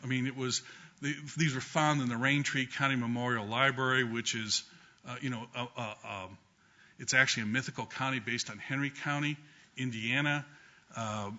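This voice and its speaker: A man's voice: mid-range voice, sharp tone. A middle-aged man, a law professor, tells humorous anecdotes at a memorial gathering, with frequent ums and restarts. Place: law school courtroom with an audience. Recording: dull lo-fi recording.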